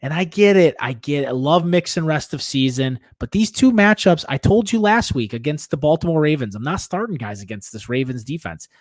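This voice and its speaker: A man's voice: a little high, expressive, a little fast, hardly any pauses, dry recording. A man co-hosting a casual fantasy football show, rambling and jokingly correcting himself as he talks. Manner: rambling, self-correcting, jokey. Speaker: podcast co-host. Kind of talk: casual sports talk.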